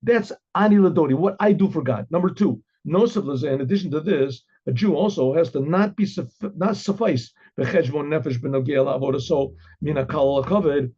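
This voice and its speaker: Rabbi guy giving a casual torah class, kinda husky, dull lo-fi sound. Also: fairly high pitch, fairly quick, hardly any pauses, warm tone. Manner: chatty, acts out both sides of an inner dialogue; repeats and restarts phrases, reads Hebrew then translates. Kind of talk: informal Torah lesson. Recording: dull lo-fi recording.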